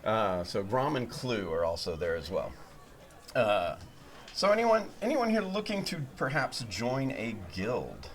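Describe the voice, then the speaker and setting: A man's voice: mid-range voice, very animated, measured pace, crowd noise. A man narrating as game master at a tabletop game, in a loose, rambling way with many fillers and restarts.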